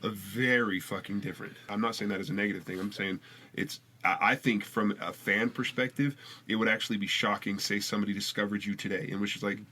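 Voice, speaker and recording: A man's voice: on the low side, fairly even intonation, fast, bright, forceful tone, slight background noise. A man hosting a podcast, talking loosely and emphatically with a lot of swearing. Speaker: podcast host. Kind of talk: casual podcast chat.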